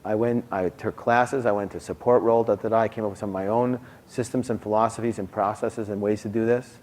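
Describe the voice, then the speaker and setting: Animated male seminar speaker. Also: lowish voice, brisk. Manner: animated, asks the audience constant questions. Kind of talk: live seminar teaching.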